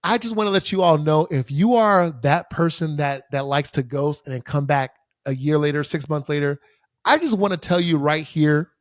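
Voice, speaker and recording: A young man hosts his own podcast, ranting with loose, profane, filler-heavy talk. His voice sits a bit higher than most men's. The sound is close and dry, with no room around it. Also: normal speed, dry recording. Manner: casual, profane, exasperated ranting with many fillers. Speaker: podcast host. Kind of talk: solo podcast storytelling. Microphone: studio microphone facing camera.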